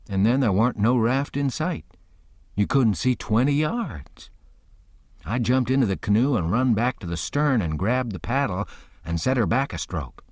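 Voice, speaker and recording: A man's voice: mid-range voice, no echo, studio quality. A man narrating a classic novel as an audiobook, telling it plainly in a boyish, folksy first-person voice.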